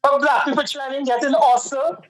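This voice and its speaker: A man's voice: very high voice, flat delivery, a little fast, rough recording. A man co-hosting a talk show, earnest and impassioned, always calling his partner "my brother.". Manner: earnest, keeps repeating "my brother". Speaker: co-host.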